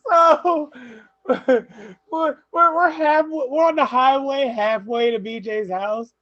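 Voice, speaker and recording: A young adult man hosting a podcast, telling stories in an animated way, laughing often and quoting people. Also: very high-pitched, takes it slowly, no room sound, muffled recording. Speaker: podcast host. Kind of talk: casual podcast storytelling.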